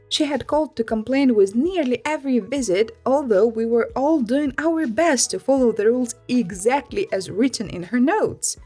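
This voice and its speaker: A woman reading online stories aloud in an expressive, lively storytelling manner. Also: a little high, husky. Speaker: story reader.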